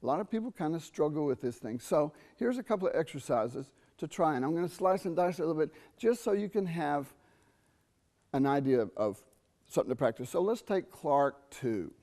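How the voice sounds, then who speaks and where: On a university theatre stage, a middle-aged man leads a jazz trumpet masterclass in conversational style, quizzing his listeners and singing out rhythms. His voice sits on the high side and sounds mellow, expressive and brisk.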